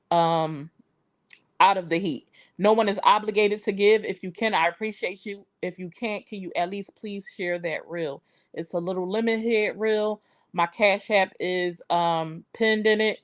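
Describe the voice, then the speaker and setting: A woman's voice: medium pitch, no room sound. A young adult woman hosting a live stream in a casual, chatty way, talking straight to her viewers.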